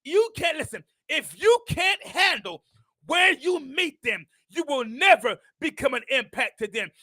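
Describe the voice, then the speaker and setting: Older man, motivational preacher, very high voice, dry close sound, repeats himself, shouts for emphasis. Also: lively intonation, a little slow, dry recording. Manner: impassioned, repetitive, rising to shouts. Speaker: host.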